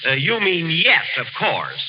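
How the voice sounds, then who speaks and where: A man's voice: a little high, huge pitch swings, a little slow, a little hiss or hum. A man hosting a 1940s radio comedy, vain and indignant, hesitating with uh's. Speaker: comedian host. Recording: dull old radio broadcast.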